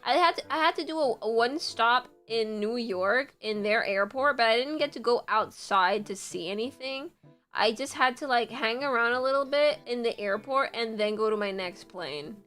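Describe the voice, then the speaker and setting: A woman's voice: fairly high pitch, normal speed, a bit bright. A young woman from Puerto Rico chatting casually on a livestream, giggly and rambling with lots of fillers. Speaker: streamer.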